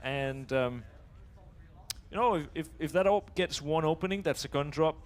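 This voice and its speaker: A man's voice: fairly high pitch, moderate pace. Hesitant male esports analyst. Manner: hesitant, many fillers and restarts. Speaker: esports color commentator.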